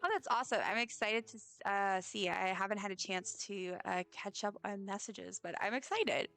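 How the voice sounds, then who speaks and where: A woman's voice: medium pitch, normal speed, vocal fry, a bit bright, no room sound. A woman streaming a game, chatting casually and rambling with lots of fillers. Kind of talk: casual gameplay chat.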